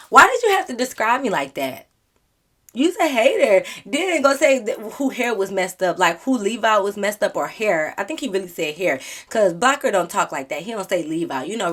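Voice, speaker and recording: A young adult woman vlogger telling a storytime to her viewers in casual chat, animated and dramatic, laughing often. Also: mid-range voice. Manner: talks straight to her viewers.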